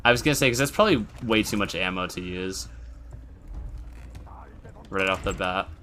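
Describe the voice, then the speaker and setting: A man's voice: sits low, normal speed, bright, forceful tone, a little hiss or hum. A man streaming a horror game, chatting casually, giggling and thinking aloud as he plays. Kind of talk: casual live-stream chat.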